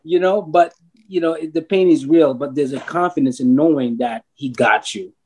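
A man talking casually about faith, agreeable and full of affirmations, with halting restarts. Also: on the high side, darkish tone, breathy edge.

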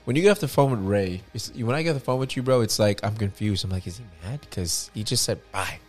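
A man's voice: on the low side, animated, fast, a little mellow, faint music behind. Teasing, playful man co-hosting. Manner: joking, teasing, playful impressions. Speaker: podcast co-host. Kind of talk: casual chat.

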